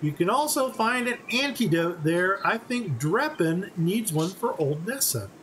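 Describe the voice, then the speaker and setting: A man's voice: sits high, big pitch swings, a little slow, fairly bright tone, slight background noise, voice pushed up, exaggerated voice. A man voicing a friendly, easygoing town guard who is a bit hungover.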